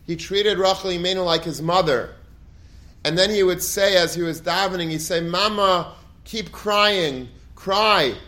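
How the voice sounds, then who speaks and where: A man with a high, slightly bright voice teaches Torah a little quickly, telling stories with real feeling and sincerity. He frequently starts phrases over and sprinkles in Hebrew and Yiddish words.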